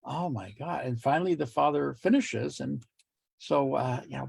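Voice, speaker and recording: A middle-aged man teaching communication skills in a relaxed lecture, telling jokes with quoted voices and small laughs. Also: mid-range voice, normal speed, gravelly, slightly rough, no echo. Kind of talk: lecture with joke anecdotes.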